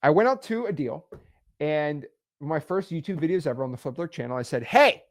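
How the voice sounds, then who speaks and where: A man in his twenties, a real estate wholesaling educator, talking emphatically and repeating himself as he pitches directly to the camera. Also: animated, a little mellow. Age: 20s. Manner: emphatic, repetitive, fast-talking, self-assured.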